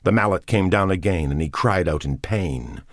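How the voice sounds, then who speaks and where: A man narrating a novel as a scripted audiobook reading, in a measured, unhurried manner. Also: deep voice, expressive, no room sound, clean studio sound.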